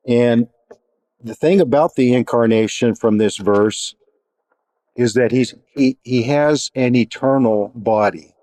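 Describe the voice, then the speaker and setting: A man teaching a Bible study in a measured, reflective way, pausing and restarting as he explains. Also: mid-range voice, mellow, no room sound.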